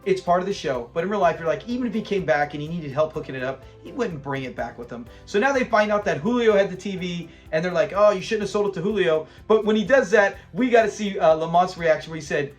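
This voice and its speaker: A man hosting his own channel, giving a casual recap of a sitcom episode, chatty and animated, acting out the characters' lines. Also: high voice, fast talker, few pauses, faint music behind. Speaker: channel host.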